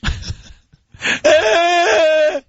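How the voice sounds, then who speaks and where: A middle-aged man, co-hosting a radio show and telling stories in an animated way, acting out shouted voices. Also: very high-pitched, very slow, dull audio. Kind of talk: casual storytelling on radio.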